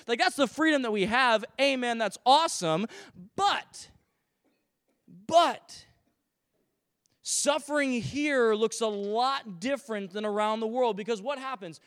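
A man from Canada preaching a sermon as a pastor to his congregation, animated, with humorous asides and acted-out quotes. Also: high-pitched, normal speed, long reverb tail. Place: church sanctuary.

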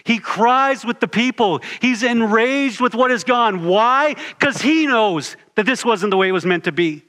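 At a measured pace, a preacher builds his sermon earnestly, repeating short phrases to drive each point home. For a man his voice is on the high side, fairly bright, with lively intonation.

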